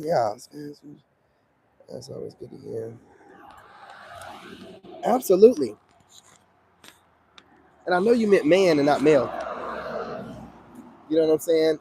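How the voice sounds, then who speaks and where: A man with a slightly raised pitch and a gravelly, fry-heavy voice talks casually on a livestream. His tone is mellow and dark, and the sound is dry and close. He preaches dating advice in a streetwise way and responds to viewer comments as he goes. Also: expressive, normal speed, pauses often, dry recording.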